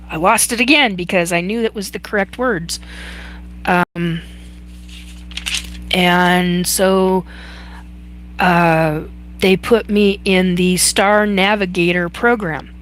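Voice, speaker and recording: Slow-talking woman, halting personal story. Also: on the low side, fairly bright tone. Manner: halting, many fillers and restarts. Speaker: host. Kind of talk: personal storytelling on a live chat.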